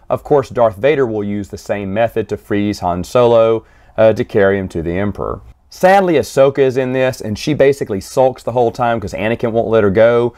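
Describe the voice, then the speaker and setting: A man giving a casual, rambling solo review of comic books, with frequent restarts and quick snatches of acted dialogue. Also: fairly low pitch, a little mellow.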